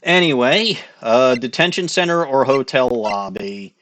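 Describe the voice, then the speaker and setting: A man's voice: mid-range voice, lively intonation, a little slow, a bit bright. A man giving casual, joking commentary while reading game text aloud in a let's play.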